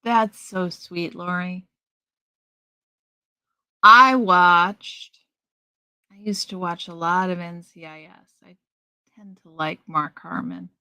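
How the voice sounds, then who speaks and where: Middle-aged woman host, unhurried and rambling, bright tense tone, dry close sound. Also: fairly low pitch, clear, resonant tone, no echo. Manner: chatty, slow, rambling with restarts. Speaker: live stream host. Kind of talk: casual live stream chat, reading out viewer comments.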